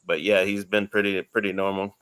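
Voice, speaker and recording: A man's voice: low voice, little pitch movement, a little fast, a bit bright, clean tone, no echo. A man hosting a stream, chatting casually and laid-back, trailing off as he signs off, on a close desk mic. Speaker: stream host. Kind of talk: casual stream sign-off chat.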